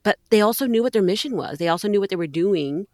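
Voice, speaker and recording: A woman's voice: medium pitch, lively intonation, fast, a little mellow, no room sound, studio quality. A woman co-hosting a faith podcast, talking in an earnest, preachy, rallying way. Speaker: podcast co-host.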